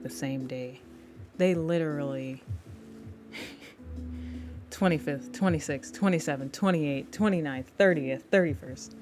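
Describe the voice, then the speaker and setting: A woman artist on a live stream, chatting casually with her viewers, laid-back and laughing often. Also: deep voice.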